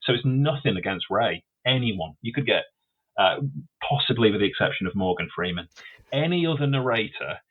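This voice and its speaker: A man's voice: fairly low pitch, expressive, a little fast. A man guesting as an author in a casual interview, thinking aloud and stumbling over repeated words. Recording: tinny phone-like line.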